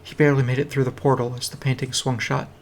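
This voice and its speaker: A man's voice: medium pitch, level tone, fast talker, slight background noise. A man reading a fantasy fan story aloud on a stream, with a dry, wry delivery. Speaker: reader. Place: home streaming setup. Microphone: streaming mic.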